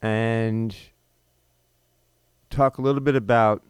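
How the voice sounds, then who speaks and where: A man's voice: on the low side, fairly even intonation, takes it slowly, clean tone, no room sound. A man in his fifties hosting a talk show, delivering an unscripted, indignant monologue full of rhetorical questions and restarts. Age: 50s. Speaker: podcast host.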